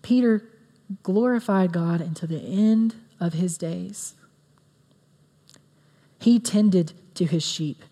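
A woman's voice: on the low side, slow, pauses often, dark tone. A woman giving a sermon in an earnest, conversational way, with many fillers. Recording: long reverb of a hall.

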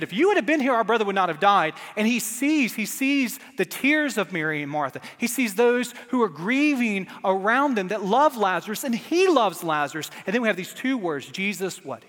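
An earnest male pastor preaching with a fairly high voice. He swings from loud emphasis to hushed, soft passages, and his words ring out with the long reverb of a big hall. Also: lively intonation, moderate pace, few pauses. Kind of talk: sermon.

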